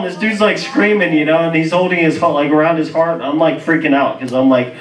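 A young man preaching in a church, telling a testimony story with animated voices and frequent laughter. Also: on the high side, fast, hardly any pauses, noisy background. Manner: animated storytelling, acts out dialogue, laughs often. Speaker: guest preacher. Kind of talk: sermon testimony. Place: church sanctuary. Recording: roomy church audio, mic far off.

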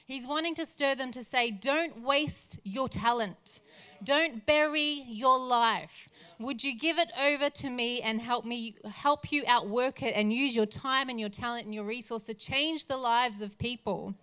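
A woman's voice: a little high, moderate pace, few pauses, a bit bright, smooth. A woman pastor preaching a sermon in an earnest voice, building lists of phrases toward a rousing close. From Australia.

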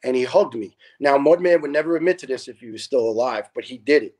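A middle-aged man tells stories as a podcast guest. His voice sits at an ordinary middle pitch, and he swears freely as he acts out the back-and-forth of old arguments. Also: quick pace. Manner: animated, profane storyteller who acts out dialogue. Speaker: podcast guest, retired fire lieutenant. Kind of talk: casual storytelling.

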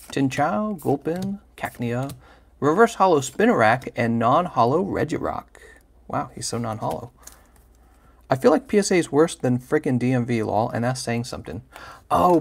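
Lively, gravelly-voiced male streamer. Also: mid-range voice. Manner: playful, chatty, teasing viewers by name, laughs often. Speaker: livestream host opening trading cards. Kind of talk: casual livestream chat.

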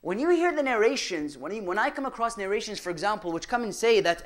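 A man delivers a religious lecture in a notably high voice. He keeps asking the audience rhetorical questions, driving points home with sudden loud stresses and then dropping to hushed asides. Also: animated, quick pace, few pauses. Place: mosque or Islamic center hall.

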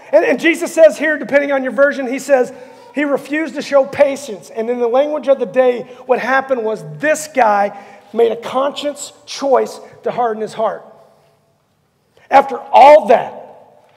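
A man with a strikingly high-pitched voice and a rough, gravelly edge delivers an animated sermon. He tells the story with energy and acts out the characters. His words hang in the long reverb of a church sanctuary. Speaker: pastor.

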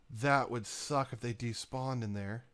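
Male let's-play host, mid-pitched, talks to himself while building, keyboard clicks behind. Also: slow pace, a bit bright, clear, resonant tone. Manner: talks to himself and game items, rambling. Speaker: gaming YouTuber. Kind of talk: casual let's-play commentary.

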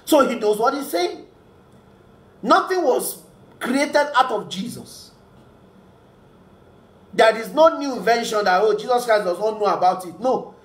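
Earnest preacher in an echoey room. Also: male voice, extremely high pitch, expressive, a little slow, pauses often. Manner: earnest, repeats phrases for emphasis. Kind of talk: sermon.

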